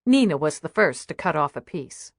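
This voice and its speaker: A woman narrates a novel with a steady, even delivery. Her voice is lowish. It is recorded close and dry. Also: moderate pace, dry recording. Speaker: audiobook narrator. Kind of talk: scripted narration.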